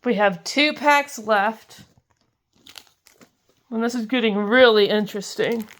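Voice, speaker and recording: A young woman with a fairly high, fairly bright voice talks slowly while opening trading card packs for her card-collecting video. She chats casually, giggling and gushing over the cards she likes.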